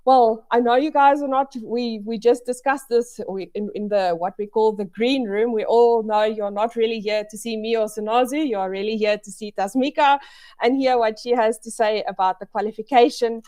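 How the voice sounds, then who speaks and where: A woman talks through a webinar over a video call. Her voice sits a little high, and her delivery is chatty and upbeat, full of fillers and quick restarts. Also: darkish tone. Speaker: education webinar presenter. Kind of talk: casual presentation to an online audience.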